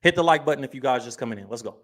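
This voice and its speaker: A man's voice: medium pitch, lively intonation, racing, fairly bright tone. A man hosting a livestream in a casual, chatty way, reacting to clips and talking to his viewers. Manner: casual, chatty, leans on "bro" and "you know what I'm saying". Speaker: livestream host.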